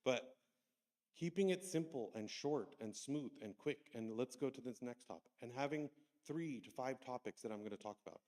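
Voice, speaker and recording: A man's voice: mid-range voice, normal speed, darkish tone. Conversational man in a reverberant church hall. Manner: conversational, anecdotal, acts out kids' voices. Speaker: Sunday school teacher trainer. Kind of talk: church workshop talk.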